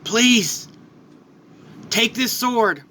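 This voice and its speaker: A man voicing a torn warrior fighting his dark side. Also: very high voice, very slow, a little hiss or hum, voice pushed up, heavily acted. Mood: desperate.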